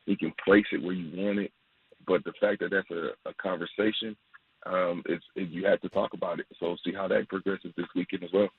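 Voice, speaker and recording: A man calling in to a sports radio show as a guest, talking in a measured, halting way and restarting phrases. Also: sits low, flat delivery, husky, no echo. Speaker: guest analyst on phone. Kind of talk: casual sports radio chat. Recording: tinny phone line.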